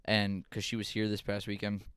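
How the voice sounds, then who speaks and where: A man's voice: fairly low pitch, completely flat delivery, moderate pace, a bit bright, clear, resonant tone, dry recording, studio quality. A young adult man co-hosting a podcast, telling rambling stories in a laid-back, casual way. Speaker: podcast co-host. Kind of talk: casual chat.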